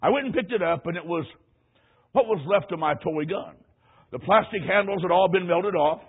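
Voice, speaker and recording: A middle-aged man preaching in a folksy storytelling way, his voice pitched high and husky. He hammers key phrases by repeating them. The sound is thin and tinny, like an old radio broadcast. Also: normal speed. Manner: folksy storytelling with emphatic repetition. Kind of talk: sermon.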